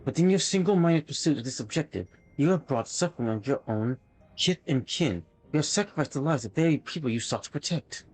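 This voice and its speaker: A man's voice: a little high, animated, darkish tone. An actor playing a solemn male hero earnestly pleading for peace in a video game cutscene. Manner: earnest, measured plea.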